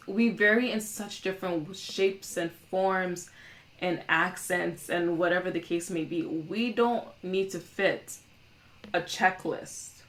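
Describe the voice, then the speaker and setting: A woman talking as a guest on a podcast in an earnest, measured conversational way. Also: fairly low pitch. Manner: earnest, measured, quotes others. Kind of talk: casual conversation.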